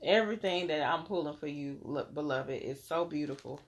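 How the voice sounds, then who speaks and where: A woman's voice: low-pitched, brisk, a little hiss or hum. A woman giving a casual tarot reading on a live stream, laid-back and slangy, calling her viewers "beloved".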